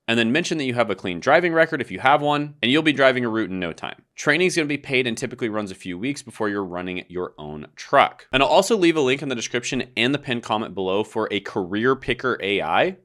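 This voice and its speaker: A male career YouTuber speaking in a mid-pitched voice. His scripted talk is punchy and emphatic, with jokes and asides dropped in along the way. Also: a bit bright. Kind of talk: scripted talking-head commentary.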